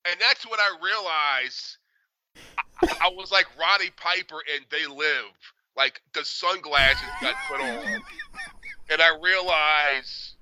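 Bright, lively, profane man telling stories. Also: on the high side, takes it slowly, dry recording. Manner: profane, animated storytelling. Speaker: podcast co-host. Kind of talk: casual chat.

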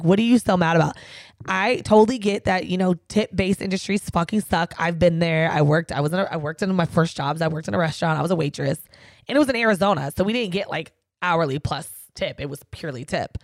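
A woman co-hosting a casual podcast, ranting in an animated way and swearing freely. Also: fairly low pitch, fast talker, no echo. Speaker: podcast co-host.

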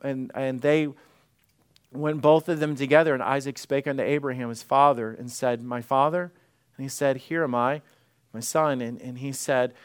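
A man's voice: medium pitch, clear, resonant tone. A male pastor preaching an interactive sermon, acting out Bible scenes and putting questions to the congregation.

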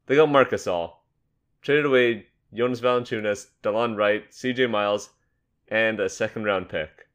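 A young man hosting a casual sports podcast, upbeat and joking, quick to laugh. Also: on the low side, fairly bright tone, smooth. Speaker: podcast host. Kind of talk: casual basketball podcast chat.

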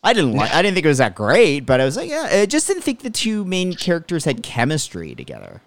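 A man co-hosting a podcast, chatting casually and reasoning his points through in a measured way. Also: fairly high pitch, huge pitch swings, no echo. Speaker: podcast co-host. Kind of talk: casual chat.

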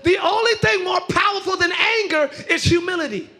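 High, bright-voiced preaching pastor. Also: male voice. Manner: preaching with shouts and sung rises; acts out quarrels in quick voices. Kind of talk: sermon. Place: church before a live congregation.

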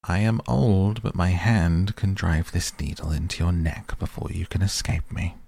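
A man's voice: low-pitched, fairly even intonation, moderate pace, creaky, dark tone, no echo. A man reading the part of a stern, commanding old woman in an audiobook, with a cold, clipped, imperious manner. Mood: menacing.

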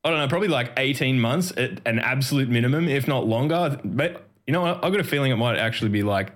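A man's voice: medium pitch, expressive. An Australian man hosting a podcast in casual chat, swearing and mocking himself. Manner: swearing, self-mocking, quick to laugh. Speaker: podcast host.

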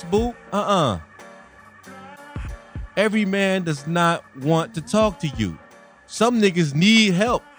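A man's voice: high-pitched, no room sound. Blunt, profane man ranting. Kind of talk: casual monologue rant.

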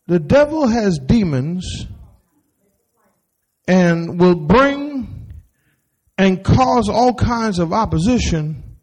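Husky, high-voiced, animated preacher man. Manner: animated preaching with folksy asides and call-and-response; acts out voices of the people he quotes. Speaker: pastor. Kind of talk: sermon.

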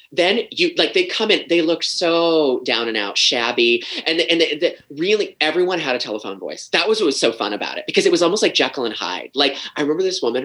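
Animated storyteller, lively pitch, mid-range voice, stumbles and repeats, casual swearing. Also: poor audio. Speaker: guest.

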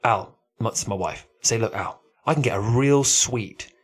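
A man co-hosting a podcast, chatting casually and animatedly, often jumping into a high excited voice. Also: unhurried, slightly rough. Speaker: podcast co-host. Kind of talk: casual chat.

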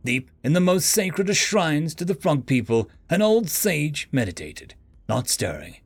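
A man narrating a fantasy story in an expressive storytelling manner. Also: a little high, measured pace, slightly rough. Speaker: audiobook narrator. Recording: faint background music. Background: faint music.

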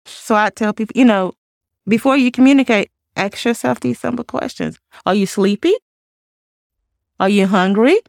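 A woman co-host calmly explaining communication advice in measured, plain speech. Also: on the high side, gravelly, no room sound, clean studio sound. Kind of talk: casual advice talk.

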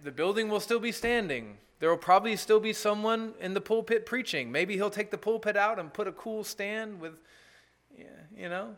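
A man's voice: high-pitched, normal speed, a bit bright. A man preaching an earnest, emphatic sermon as pastor, with asides to the congregation.

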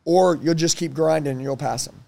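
A man in his thirties telling personal stories in a casual interview, blunt and animated, swearing freely. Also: a little high, brisk, vocal fry, no echo. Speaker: guest.

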